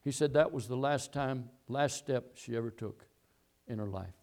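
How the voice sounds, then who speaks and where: A man's voice: medium pitch, moderate pace, a little mellow. A middle-aged man preaching a sermon, telling a long story and repeating key phrases as he goes. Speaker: pastor.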